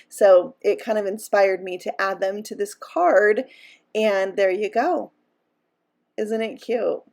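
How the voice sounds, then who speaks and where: A woman's voice: medium pitch, darkish tone. A woman hosting a card-making tutorial, talking chattily and upbeat as she explains each step while she works. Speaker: card-making channel host. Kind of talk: crafting tutorial voice-over.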